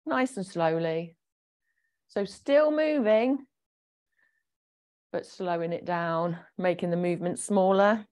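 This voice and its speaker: A woman leading a gentle exercise class, chatty and encouraging as she explains each movement. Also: fairly low pitch, takes it slowly, pauses often. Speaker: fitness instructor.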